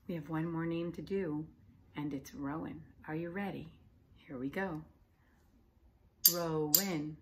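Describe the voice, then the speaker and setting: A woman teacher talks slowly and patiently to young children, clapping and tapping out syllables in a slightly low voice. She now and then drops to a soft whisper. Faint room noise sits under the recording. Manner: slow, patient and encouraging, claps and taps out syllables.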